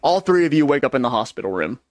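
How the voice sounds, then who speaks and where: A man's voice: medium pitch, big pitch swings, fast. A man narrating a tabletop game as game master, describing combat in vivid, punchy terms.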